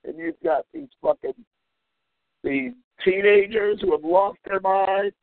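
On his call-in radio show, a man with a high, creaky voice and lively intonation rants in an unhurried way, angry, profane, and mocking. The recording is dry and tinny, much like a phone.

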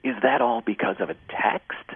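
Emphatic husky man over a tinny line. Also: medium pitch, huge pitch swings, moderate pace, dry recording. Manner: passionate, emphatic, acts out quoted dialogue. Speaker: guest author and speaker. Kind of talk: energetic motivational interview talk.

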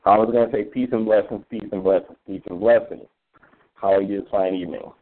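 Male spoken word poet, earnest and measured, tinny phone sound. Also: fairly low pitch, fairly even intonation. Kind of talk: performance poetry.

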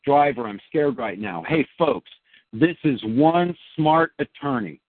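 A man's voice: medium pitch, expressive, a little slow, no room sound. A man hosting a talk show, commenting emphatically and speaking straight to the listeners. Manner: emphatic, addresses listeners as folks. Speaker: host. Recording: dry, phone-like line.

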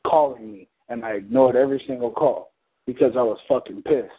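A man's voice: mid-range voice, a little fast, slight background noise. Blunt, profane man on a phone line. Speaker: caller on a community call. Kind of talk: casual storytelling. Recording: phone-like call audio.

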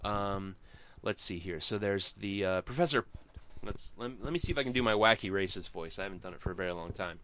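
A man's voice: sits low, fairly quick, bright, forceful tone, clear, resonant tone, no echo. A man hosting a comics podcast, giving a casual, rambling and jokey recap that often interrupts itself.

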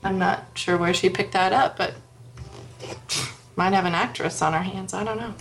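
A woman's voice: medium pitch, steady tone, normal speed, vocal fry, fairly bright tone. A woman in her thirties from the United States, a podcast guest chatting and telling stories. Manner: chatty, storytelling. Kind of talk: casual chat.

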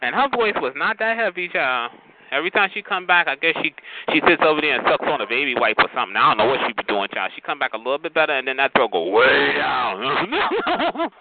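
A sassy, profane man holds forth on a chat line, his voice swooping up and down in lively, animated swings. His slightly high voice comes through a thin, tinny phone connection, with a clear hiss of noise underneath. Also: quick pace. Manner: sassy, profane, calls listeners honey and child.

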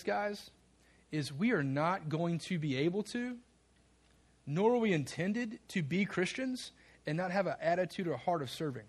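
A male pastor preaching a sermon, reading scripture passages aloud and calling on the congregation to answer back. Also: sits high. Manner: reads scripture aloud, pushes the congregation to respond.

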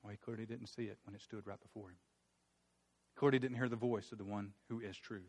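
A man preaching a sermon, retelling a Bible story in a conversational, animated way. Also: lowish voice, fairly quick, breathy edge.

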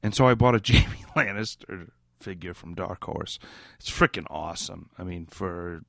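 A man's voice: low-pitched, moderate pace, gravelly, a bit bright, dry recording, clean studio sound. A drunk man hosting a podcast, rambling and giggly, who keeps drifting into mock British slang. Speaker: podcast host. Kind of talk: casual rambling podcast chat.

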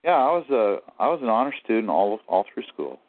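Low-voiced male guest, rambling and aggrieved, very lively pitch, tinny phone sound. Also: brisk, no echo. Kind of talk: phone-in interview.

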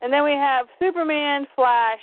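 Her voice sits high as she co-hosts a comic book podcast, summarizing a storyline in a relaxed, animated way. She slips into rapid character voices for a few lines, and the recording is thin and phone-like with no room sound.

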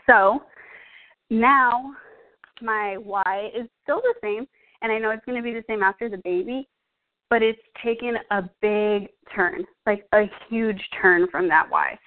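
A young woman talks through her own story as a coach, earnest and close to tears, with lots of "like" and "um". Her voice sits at a middle pitch. It comes through thin and tinny, like a phone line. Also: a little slow. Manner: earnest, emotional, fillers like "like" and "um". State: out of breath. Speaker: fitness coach. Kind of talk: personal testimonial.

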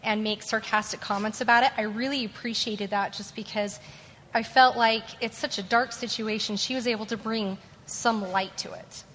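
Young woman panelist, earnest and halting, higher voice, echoey hall. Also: fairly even intonation, fairly bright tone, a little hiss or hum. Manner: sincere, hesitant with fillers. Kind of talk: panel discussion. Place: convention panel room. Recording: long hall reverb, faint ambience.

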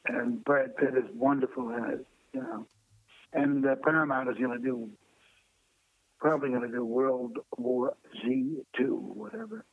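An older man, a lively raconteur guesting on an interview who acts out voices in his stories. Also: medium pitch, measured pace, no echo. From Brooklyn, New York. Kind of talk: anecdotal storytelling. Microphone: phone. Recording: tinny dry phone line.

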